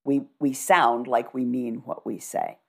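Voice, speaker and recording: A middle-aged woman working as a communication coach, speaking in an instructive, measured and assured way during a conversational interview. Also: extremely low pitch, steady tone, vocal fry.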